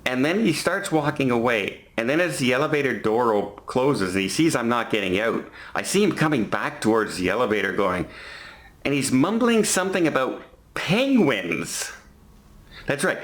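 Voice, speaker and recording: In a hotel, a vlogger in his fifties chattily recounts an incident to camera, step by step. His medium-pitched, fairly bright voice moves at normal speed with big pitch swings.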